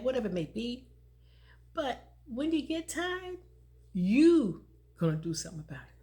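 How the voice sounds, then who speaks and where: Laughing woman telling a life story. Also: mid-range voice. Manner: conversational, laughs often, repeats phrases for emphasis. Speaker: motivational vlogger. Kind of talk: personal storytelling talk.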